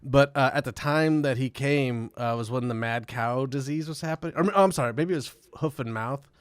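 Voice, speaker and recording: Rambling guest, smooth voice, dry sound. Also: male voice, medium pitch, fairly quick, no room sound. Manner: rambling, swears freely, laughs often. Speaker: podcast guest, musician. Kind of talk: casual podcast chat.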